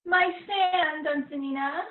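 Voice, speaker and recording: Teen girl as a fussy, scolding old nurse, high voice, tinny call audio. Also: measured pace, very noisy. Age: teens. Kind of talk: Shakespearean stage acting over video call.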